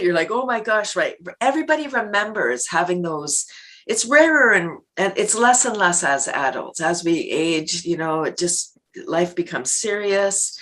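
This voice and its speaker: A woman's voice: on the low side, fairly bright tone. A middle-aged woman guest on a podcast, talking casually and animatedly, laughing often and acting out little everyday scenes. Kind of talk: casual interview talk.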